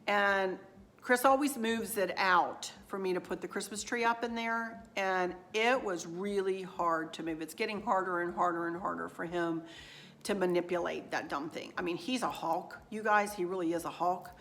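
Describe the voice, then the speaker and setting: Her voice is fairly low, fairly bright, and moderately paced, with slight background noise and room echo. A middle-aged woman, she chats through her home decor haul in a rambling, folksy, self-deprecating style, addressing viewers directly.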